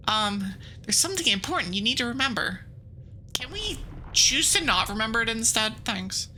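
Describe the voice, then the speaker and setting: Bright, lively woman VTuber streamer. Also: on the high side, slight background noise, rough recording. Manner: rambling, playful, quick asides and giggles. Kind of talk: casual game stream chat, reading game text aloud.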